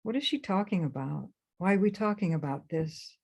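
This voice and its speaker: A woman author reading her own memoir aloud for a webinar, in a measured, intense first-person delivery. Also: lowish voice, lively intonation, creaky, a little mellow, breathy edge. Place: remote webinar.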